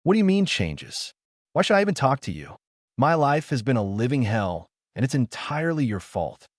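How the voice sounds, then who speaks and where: A man voicing a hot-headed young boy ninja who rants and yells. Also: mid-range voice, lively intonation, normal speed, dry recording, studio quality, pitched above the performer's own voice, natural voice. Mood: ranting. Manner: ranting, yelling.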